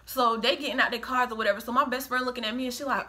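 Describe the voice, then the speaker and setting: Woman, middle-aged, bright higher voice, lively casual storyteller who plays all the quotes. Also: racing, few pauses. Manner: animated, acts out quoted voices, breaks into laughter. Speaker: storyteller, the host's mother.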